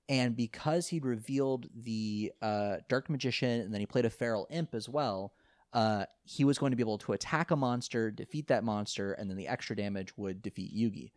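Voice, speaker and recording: A man casually recapping an anime episode, rambling and animated, often laughing and quoting the characters. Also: medium pitch, normal speed, no room sound, clean studio sound. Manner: rambling, animated retelling with laughs and quoted lines. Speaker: podcast co-host recapping an anime. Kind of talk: casual chat.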